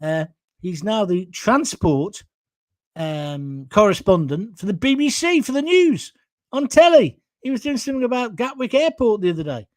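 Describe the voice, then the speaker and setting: A middle-aged man with a fairly high voice talks with blunt, combative conviction. He mocks his critics as he reads out comments. The sound is close and dry, with no room echo. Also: big pitch swings, normal speed, darkish tone. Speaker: host of his own online show. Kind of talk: opinionated chat, reading viewer comments.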